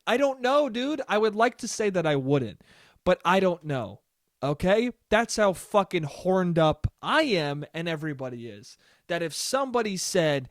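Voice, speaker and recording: A man's voice: sits high, animated, moderate pace, no room sound, studio quality. A young man hosting a solo podcast, rambling in a casual, profane way and laughing often. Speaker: podcast host.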